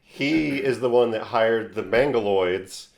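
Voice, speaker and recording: A man co-hosting a podcast, casually retelling scenes from a film in quick bursts. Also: on the low side, gravelly. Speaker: podcast co-host. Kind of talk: casual chat. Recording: echoey room.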